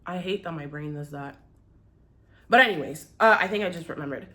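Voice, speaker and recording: A woman's voice: low voice, brisk, sharp tone. A young woman talking to the camera in a casual confessional vlog, rambling and candid, swearing often and losing her train of thought. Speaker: YouTuber.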